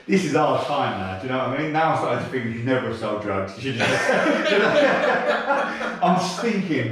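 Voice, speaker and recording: South London man, guest on a casual chat show: rough, sweary, animated storyteller with bursts of laughter, recorded off-mic in a very echoey room. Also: medium pitch, far from the mic. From South London, England. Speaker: podcast guest.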